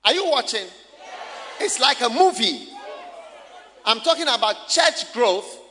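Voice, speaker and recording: Preaching a sermon from the pulpit, a male pastor uses an unusually high, bright, forceful voice, swinging widely in pitch and shouting his points while questioning the congregation. He is very animated but keeps a measured pace. A church hall's long reverb surrounds him, with faint room noise beneath.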